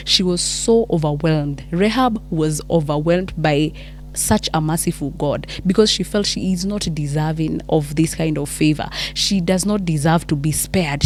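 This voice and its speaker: Kenyan woman storyteller, lower voice, chatty, code-switching retelling. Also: a little hiss or hum. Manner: animated, mixes English and Swahili, many restarts. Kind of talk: casual Bible story retelling.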